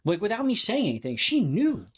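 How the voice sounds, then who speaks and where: A man's voice: high-pitched, wildly swooping pitch, brisk, husky. Man ranting and laughing on a podcast. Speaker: podcast host. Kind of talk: casual podcast chat.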